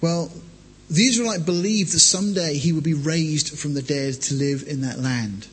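A man preaches in a measured, expository way, reading scripture and then unpacking it. His voice sits a little high and sounds husky. Long reverb from a hall trails each phrase.

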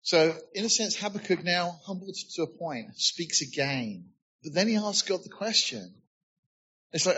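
Husky-voiced preacher. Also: male voice, high voice, lively intonation, moderate pace, pushed and bright, lo-fi sound. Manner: earnest, expository, rhetorical questions. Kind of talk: sermon.

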